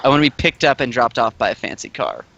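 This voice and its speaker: A man's voice: mid-range voice, expressive, fast, vocal fry, fairly bright tone, dull audio. A man playing a tabletop role-playing game, talking eagerly and chattily about his character's plans. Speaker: player. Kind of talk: casual tabletop game play.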